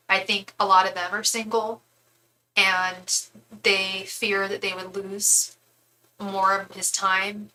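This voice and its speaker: A woman's voice: mid-range voice, sharp tone, rough recording. A young woman giving a casual live tarot reading, chatty and candid, thinking aloud with frequent restarts. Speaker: tarot reader.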